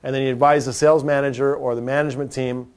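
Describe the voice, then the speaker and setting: A man teaching car sales technique, talking directly and acting out quick salesman and customer exchanges. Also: mid-range voice, little pitch movement, clean tone. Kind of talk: sales training talk with role-play examples.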